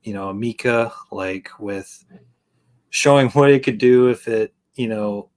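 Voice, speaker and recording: A man's voice: on the low side, a little slow, a little mellow. A man hosting a podcast in casual chat, talking in a rambling, hesitant way with lots of fillers. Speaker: podcast host.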